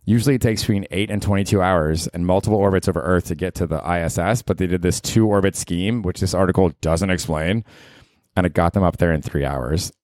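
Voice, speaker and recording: A man's voice: low voice, brisk, darkish tone, no room sound, clean studio sound. A man hosting a casual comedy podcast on his own, talking in a sarcastic, profane and rambling way. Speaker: podcast host.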